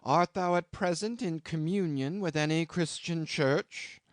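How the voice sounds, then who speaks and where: A severe, hollow-voiced old ship owner lectures and scolds in stiff archaic speech, as a male narrator puts him on. The voice sits high and strained above the reader's own. It is a storybook reading in a dry, close room. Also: unhurried, no room sound, lightly acted. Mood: scolding.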